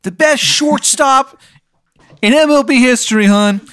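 A man's voice: very high-pitched, unhurried, a bit bright, clear, resonant tone, dry recording, studio quality, voice pushed up. A man voicing a sleazy grown man who speaks in a poorly faked Maryland accent and calls people hun. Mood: flattering. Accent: put-on, poor Maryland accent. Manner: calls everyone hun, wheedling.

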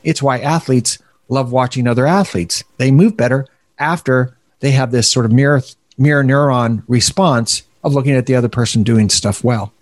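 Guy on a podcast, dry close sound, self-deprecating and lively, kinda laughs at himself. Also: medium pitch, normal speed, few pauses, dry recording. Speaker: podcast co-host. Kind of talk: casual podcast conversation.

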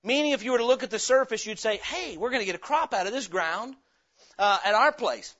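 High, bright-voiced preaching pastor. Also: male voice, animated, fairly quick, muffled recording. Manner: emphatic preaching, swings from quiet to loud, acts out a story. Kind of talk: sermon.

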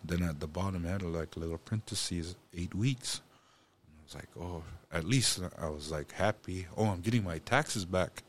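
Low male voice, halting storyteller with many restarts, faint background noise. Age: adult parent. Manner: speaks of God and blessing. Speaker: guest. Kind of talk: personal storytelling.

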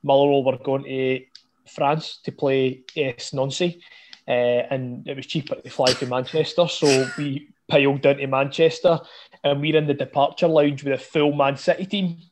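A man's voice: medium pitch, normal speed, slight background noise. Chatty Scottish man telling stories. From Scotland. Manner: animated storytelling, swearing. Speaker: podcast co-host. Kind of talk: casual podcast chat.

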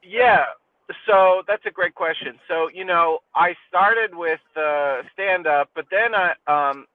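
Male comic on a tinny call line, animated crude riffing. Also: high voice, takes it slowly, no echo, distant mic. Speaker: comedian. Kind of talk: casual podcast chat.

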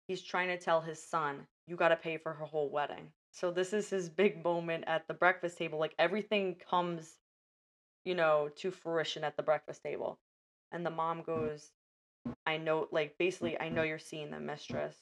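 Her voice sits low and moves at normal speed as she chats on her podcast about a movie. Scene by scene, she tells the story with energy and performs the characters' lines herself.

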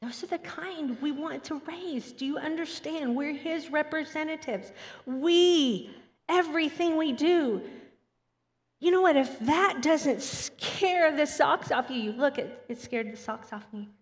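A woman preacher gives a Sunday sermon in a church hall, her high, bright voice animated and quick to imitate children. A long reverb makes her sound as though she is speaking in a large hall.

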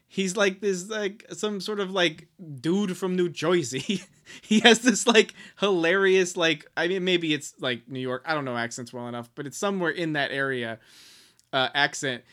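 A man's voice: sits high, unhurried, a bit bright. A man co-hosting a podcast in casual chat, rambling and sarcastic with mock-dramatic swings and frequent swearing. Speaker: podcast co-host.

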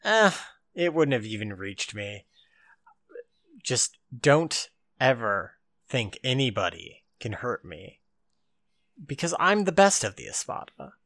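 Guy doing a cocky foul-mouthed villain in a cartoon recap, bright voice, slow and dismissive. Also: mid-range voice, very animated, no echo, studio quality, exaggerated voice. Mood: boastful. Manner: boastful, crude, dismissive. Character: cocky brash male villain warrior.

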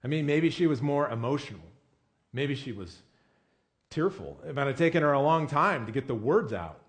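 A man's voice: mid-range voice, lively intonation, normal speed. A man preaching a sermon in a casual, conversational way, often asking his listeners questions. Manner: casual with frequent "I mean" and "you know". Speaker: pastor.

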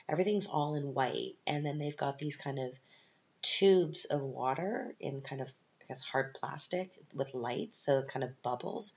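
A middle-aged woman with a Canadian English accent tells rambling, wry stories on her podcast, full of ums and self-deprecating asides. Her voice is low, and the recording is muffled.

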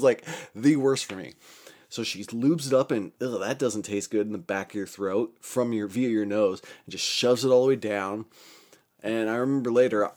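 A man's voice: mid-range voice, a little mellow. A young man telling a story in a casual, rambling way, swearing a lot, often breaking off mid-sentence and laughing at his own account while recovering from a stroke.

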